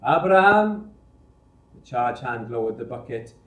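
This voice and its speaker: A man reading a novel adaptation aloud in a measured, unhurried way, recorded in a roomy space. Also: medium pitch, a little mellow. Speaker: storyteller. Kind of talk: audiobook reading. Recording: roomy echo.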